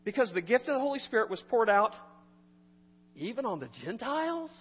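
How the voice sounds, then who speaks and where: A man preaching a sermon as pastor, animated, swinging between loud emphasis and quiet asides. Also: very high voice, fairly quick, husky. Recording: muffled recording in a reverberant hall.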